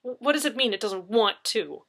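A woman's voice: on the high side, animated, a bit bright, pitched above the performer's own voice. A woman voicing an anxious female science officer who gushes in a rush, close to tears. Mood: baffled. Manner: gushing, rushed and near tears.

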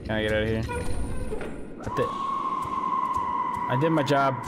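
A man's voice: mid-range voice, normal speed, noisy background. A man commentating a horror game he is playing, reacting on the spot and repeating short phrases over and over. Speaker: gamer.

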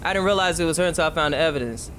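A man's voice: on the high side, very fast, a bit bright, slight background noise. A young man giving casual, profane, jokey gameplay commentary. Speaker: gaming streamer.

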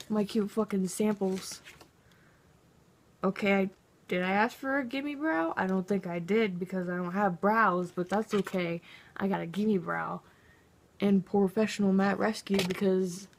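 A woman's voice: mid-range voice, vocal fry, background noise. A young woman telling a story in a casual vlog, sarcastic and exasperated, swearing freely. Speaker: vlogger.

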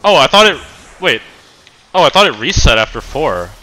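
A man's voice: fairly high pitch, very animated, normal speed, pushed and bright. A man casually commenting on his own gameplay, joking and swearing loosely. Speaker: streamer playing a video game.

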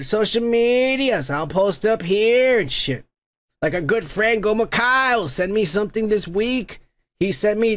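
High-voiced man ranting as a podcast host. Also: fairly bright tone. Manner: angry, swearing, rambling. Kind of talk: profane comedic rant.

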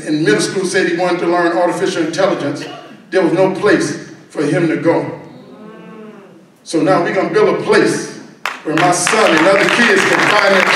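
A man's voice: sits high, background noise. A middle-aged man giving a motivational keynote speech at a gala, talking with a folksy, emphatic, preacher-like cadence. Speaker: keynote speaker. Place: large event hall at a gala. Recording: echoey hall recorded from far off.

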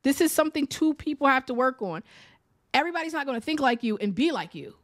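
A woman reviews a reality TV show in a casual, exasperated way, her high voice expressive and fast. She's chatty and emphatic, repeating words for effect and saying "like" a lot.

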